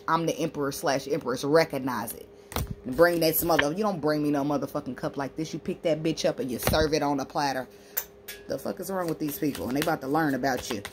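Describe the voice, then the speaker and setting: A woman's voice: low-pitched, a little hiss or hum. A woman giving a tarot card reading, talking to the viewer in a brash, profane, emphatic way. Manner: animated, acting out imagined speech in a sassy tone. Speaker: tarot reader and spiritual healer.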